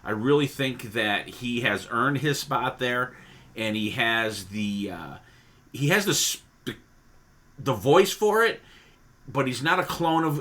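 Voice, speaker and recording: A man's voice: medium pitch, pushed and bright. A man hosting a podcast in casual chat, rambling with frequent restarts and casual swearing. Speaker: podcast host.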